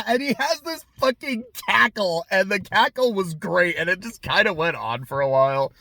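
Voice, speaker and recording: A man's voice: high voice, normal speed, creaky, few pauses, no room sound. Chatty, swearing man recapping a show. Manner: chatty, profane, excitable storytelling. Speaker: podcast host recapping a TV show. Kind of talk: casual episode recap.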